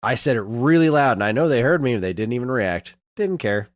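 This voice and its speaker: A man in his thirties co-hosting a podcast, telling a long story in casual chat and getting animated as he retells it. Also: mid-range voice, brisk, dry recording, studio quality. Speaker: podcast co-host.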